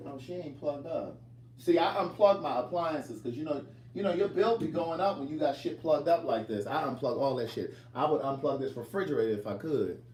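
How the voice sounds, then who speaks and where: Teasing, lively-voiced man in a roomy kitchen. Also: on the high side, a little fast, a little hiss or hum. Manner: chatty, teasing, reads viewer comments aloud. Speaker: livestream host cooking in his kitchen. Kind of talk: casual livestream chat with viewers. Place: home kitchen.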